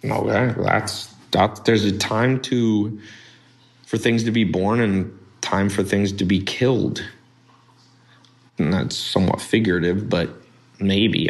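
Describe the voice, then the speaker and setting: A man hosting a podcast, talking in a blunt, rambling casual monologue with animated asides. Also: fairly low pitch, echoey room. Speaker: podcast host.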